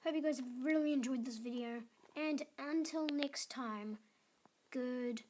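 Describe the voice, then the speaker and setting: High-voiced gamer girl, slow. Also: a little mellow, slight background noise. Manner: chatty, drops into muttered whispers while playing; cheers on and scolds game units aloud. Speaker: gaming channel host. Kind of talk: casual mobile gameplay commentary.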